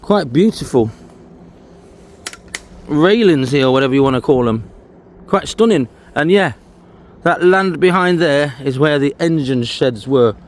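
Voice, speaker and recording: Walking along a disused railway trail, a vlogger gives casual, chatty commentary to camera, pointing out sights as he goes. His voice is fairly high and animated at a measured pace, with a little hiss or hum in the audio.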